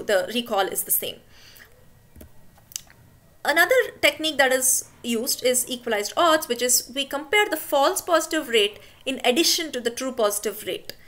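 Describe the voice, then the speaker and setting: A woman teaching a technical lesson, explaining calmly and asking the listener guiding questions. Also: sits high. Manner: steady, patient, poses questions to the listener. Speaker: instructor.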